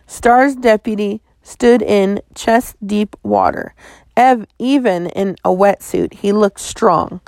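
A woman reading a children's novel aloud in a measured storytelling manner. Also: medium pitch, a little mellow, dry recording. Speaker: audiobook narrator.

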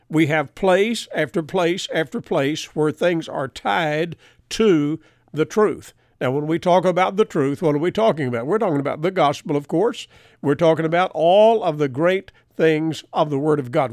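An older man teaching the Bible in an earnest, emphatic way, quoting chapter and verse and slowing down to stress key words. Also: on the high side, a little mellow, no room sound, clean studio sound. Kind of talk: preaching a Bible lesson.

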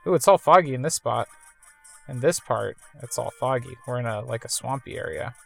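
Low-voiced woman chatting through a game. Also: a little fast, gravelly, soft background music. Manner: chatty, rambling, self-amused. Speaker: let's-play gamer. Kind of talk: casual game commentary.

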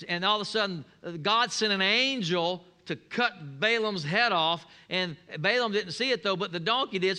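A preacher man with a high, ringing voice, delivering a sermon full of folksy humor. He tells stories with a grin and calls the congregation to answer back. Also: bright, forceful tone, clean tone. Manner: folksy, humorous storytelling with call-and-response. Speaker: pastor.

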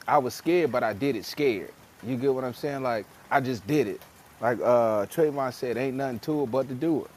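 A man talks through change and fear on a casual podcast, his pitch sitting in an ordinary middle range. He is emphatic and slangy and slips into little acted voices when he quotes people. A faint hiss runs under the recording. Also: moderate pace, a little mellow. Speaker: podcast co-host. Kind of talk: casual motivational podcast talk.

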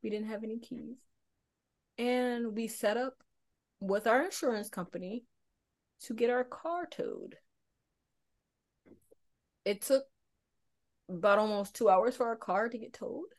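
A woman co-hosting a casual podcast, telling a rambling, animated story with frequent laughs. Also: a little high, unhurried, long pauses. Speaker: podcast co-host.

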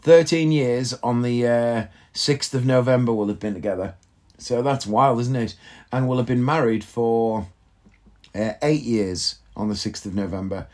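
A man's voice: medium pitch, unhurried, a little mellow. A man, likely in his thirties, telling a rambling, self-mocking comic story on his podcast and swearing casually. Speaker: podcast host. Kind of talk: casual comedic monologue.

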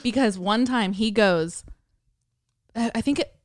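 A woman's voice: fairly high pitch, unhurried, no echo, studio quality. A young woman co-hosting a podcast, telling a long rambling story full of fillers and swearing, and acting out the people she quotes. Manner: quotes people in lively acted voices. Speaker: podcast co-host. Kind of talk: casual chat.

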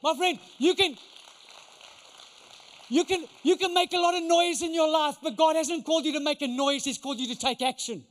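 Male preacher, lively storytelling sermon, high pitch, long hall reverb. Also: moderate pace. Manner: animated, conversational, acts out voices. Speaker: pastor.

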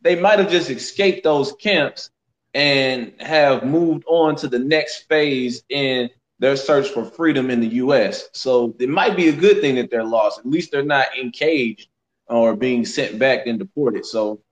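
A man's voice: mid-range voice, a little slow. A man co-hosting a casual podcast, joking in a mock-earnest way. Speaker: podcast co-host. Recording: echoey room.

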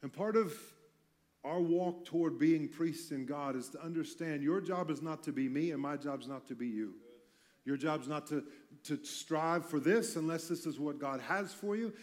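A man's voice: a little high, moderate pace. A man pastor giving a conversational sermon in a church, mixing teaching with self-deprecating jokes. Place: church sanctuary.

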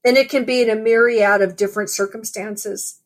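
A woman's voice: on the high side, fairly even intonation, moderate pace. A woman preaching a sermon in a conversational, storytelling way, often saying "you know".

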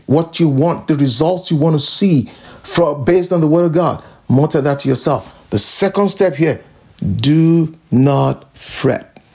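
A woman's voice: deep voice, a little mellow, breathy edge. A woman pastor preaching a sermon, emphatic and repeating declarations again and again.

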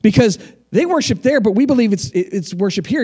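A middle-aged man preaching from the pulpit in a fairly high voice. He reads scripture aloud, then drops into blunt, plain-spoken asides to his congregation. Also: lively intonation, fairly quick, darkish tone. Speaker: pastor. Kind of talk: sermon.

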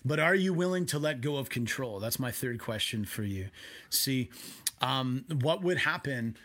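A man's voice: mid-range voice, animated, a bit bright. Man preaching casually from home. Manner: conversational, quick asides and self-interrupting. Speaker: pastor. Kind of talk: sermon streamed from home.

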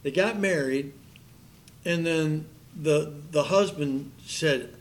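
A man's voice: a little high, takes it slowly, a little hiss or hum. A man preaching a sermon in a folksy storytelling manner, acting out the people in his stories. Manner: folksy storytelling, acts out quoted voices. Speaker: pastor.

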